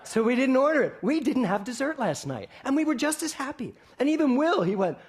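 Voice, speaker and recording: A man's voice: very high-pitched, very animated, a little fast. A man preaching to a congregation on a stage mic, telling stories with humor and acting out the dialogue. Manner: playful storytelling, acting out dialogue. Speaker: minister. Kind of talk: sermon. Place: hall, before a congregation.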